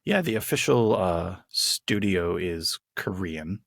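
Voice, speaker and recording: A man with a very low, husky voice co-hosts a podcast. He talks enthusiastically, rambling through his points with restarts. The sound is dry and close. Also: lively intonation, slow, a bit bright, no room sound. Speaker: podcast co-host. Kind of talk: casual chat.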